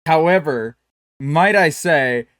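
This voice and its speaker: Teasing young podcast host, dry sound. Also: male voice, fairly high pitch, slow pace, fairly bright tone, smooth, dry recording. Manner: rambling, teasing, laughs often. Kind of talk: casual podcast chat.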